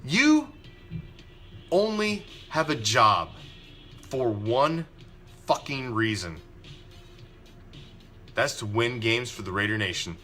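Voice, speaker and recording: A man's voice: medium pitch, very animated, takes it slowly, long pauses, sharp tone, soft background music. A man hosting a live fan show, ranting angrily and with heavy profanity about his team's quarterback. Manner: angry, profane, emphatic ranting with repetition. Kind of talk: ranting live sports commentary.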